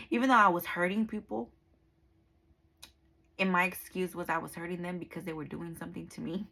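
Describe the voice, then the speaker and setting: A woman's voice: fairly low pitch, normal speed, creaky, bright, forceful tone, low-quality recording. A young woman telling her personal faith testimony in a casual, conversational way, full of fillers and acted-out dialogue. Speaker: speaker giving a personal testimony.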